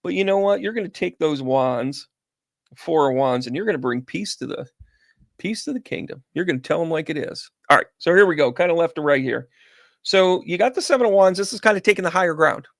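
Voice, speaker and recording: Guy with a bit of a gravelly voice doing a chatty livestream, close dry mic, rambles and talks to chat. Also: a little high, lively intonation, brisk, no echo. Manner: chatty, rambling storyteller, talks to viewers by name. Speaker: psychic medium host. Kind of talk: casual livestream chat with tarot reading. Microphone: sensitive close microphone.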